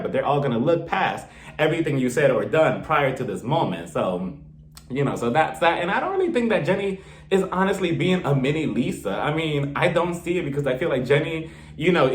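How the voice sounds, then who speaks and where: A man giving a sassy, gossipy casual recap of a reality show, acting out the cast's lines as he goes. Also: medium pitch. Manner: gossipy, animated, sassy, acts out quotes. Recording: roomy echo.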